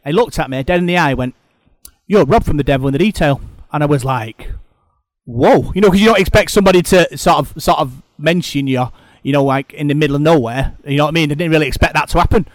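A middle-aged man hosting a fan podcast, talking in a slightly high, easy voice. He rambles along, tripping over and repeating his words as he goes. The sound is close and completely dry. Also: fast, no room sound. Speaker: podcast host. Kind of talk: casual chat.

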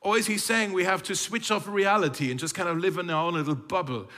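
A man's voice: high-pitched, fast, sharp tone. A man preaching a sermon as a pastor, talking in a conversational way with playful asides and frequent restarts. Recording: long reverb of a hall.

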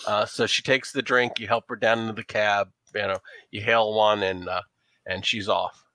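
Male game master, bright tone, dry close sound, jokey and loose. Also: lowish voice, fairly even intonation, moderate pace, no room sound. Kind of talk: narrating a tabletop game.

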